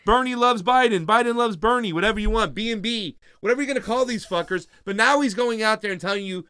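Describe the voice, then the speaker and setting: Forties male co-host with a bright, tense edge, swearing and joking through a casual live show. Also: high-pitched, fast, smooth, dry recording. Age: 40s. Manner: profane, jokey, riffing on viewer comments. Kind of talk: casual political chat show.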